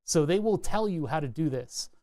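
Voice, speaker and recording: Male stream host, slightly high voice, dry close mic, rambling jokey tech talk. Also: lively intonation, normal speed, mellow, no echo. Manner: chatty, rambling, jokey asides while reading datasheets. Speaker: PCB design streamer. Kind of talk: casual live-stream walkthrough.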